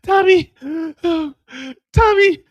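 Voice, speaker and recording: A man's voice: extremely high pitch, extremely slow, no room sound, pitched above the performer's own voice, full character voice. A man voicing a panicked, hurt young woman who stammers and begs for help, breathless. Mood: panicked pleading. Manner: frantic, stammering, breathless pleading.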